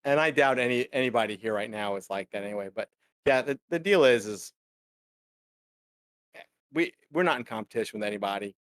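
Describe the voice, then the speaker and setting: Male stream co-host, mid-pitched, loose and rambling delivery, dry room. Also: fairly quick, pauses often, fairly bright tone, no room sound. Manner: rambling, lots of fillers. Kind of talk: casual live chat.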